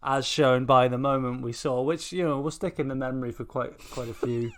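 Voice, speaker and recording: A man's voice: medium pitch, fairly even intonation, brisk. A man co-hosting a casual sports podcast, trading teasing, mock-dramatic banter. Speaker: podcast co-host.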